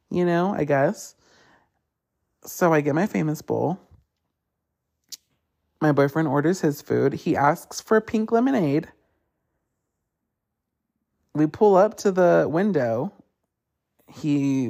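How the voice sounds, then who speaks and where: Male podcast host, casual profane storyteller, fry in the voice, plays out other people's lines. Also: high voice, a little mellow. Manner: acts out others in quotes. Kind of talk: casual solo rant.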